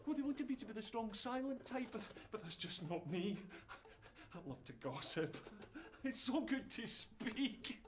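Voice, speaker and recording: A man's voice: high-pitched, expressive, a little slow. An actor playing a timid, gossipy male hotel worker held captive, stammering and pleading in a live-action game. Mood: chatty.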